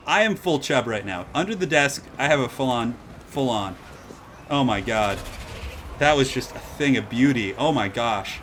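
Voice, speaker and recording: A man casting a strategy game match live, moving from calm analysis to loud excited hype. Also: medium pitch, a little fast, slight background noise. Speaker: streamer casting a tournament match.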